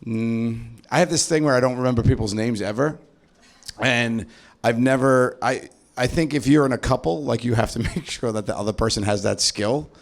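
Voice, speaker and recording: A man doing improvised stand-up, animated and swearing, often laughing and acting out voices. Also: mid-range voice, normal speed. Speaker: stand-up comedian. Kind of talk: improvised stand-up crowd work. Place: comedy club stage.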